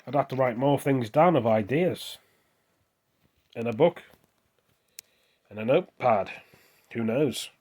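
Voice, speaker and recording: An English vlogger with a mid-range, darkish voice speaks at a measured pace with long pauses. Filming himself on a phone, he delivers a casual, rambling monologue to camera that hops from one topic to the next.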